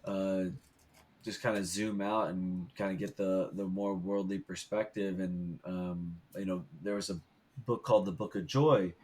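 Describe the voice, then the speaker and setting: A man's voice: low voice, steady tone, measured pace, darkish tone, slightly rough. A man hosting a fitness podcast, thinking aloud in a rambling way with many fillers. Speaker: podcast host. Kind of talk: casual podcast interview.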